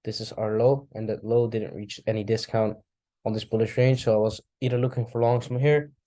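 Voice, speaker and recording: A man casually talking through a chart recap, thinking aloud with relaxed asides. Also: fairly low pitch, fairly quick. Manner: relaxed, talks to himself while charting, asides and apologies. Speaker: trading recap host. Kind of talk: casual screen-share commentary.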